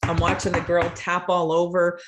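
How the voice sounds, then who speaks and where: A podcast host in casual interview chat, chatty and animated, often restarting words mid-sentence. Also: medium pitch, normal speed, background noise.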